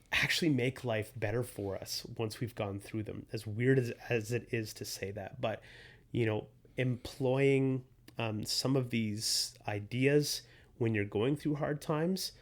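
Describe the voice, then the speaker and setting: A man's voice: mid-range voice, fairly even intonation, slow pace. Rambling male podcast co-host. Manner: rambling, filler-heavy, playful. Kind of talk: casual chat.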